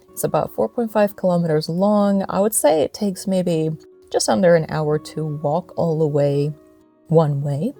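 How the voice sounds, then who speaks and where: Low, gravelly American woman vlogger. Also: warm tone. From United States. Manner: playful, self-mocking. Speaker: vlogger host. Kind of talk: casual vlog narration. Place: outdoors by the sea.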